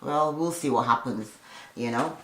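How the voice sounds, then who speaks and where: A woman's voice: very deep voice, moderate pace, fairly bright tone. A woman giving a casual, chatty recap of a reality show, with opinionated asides along the way. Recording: echoey room.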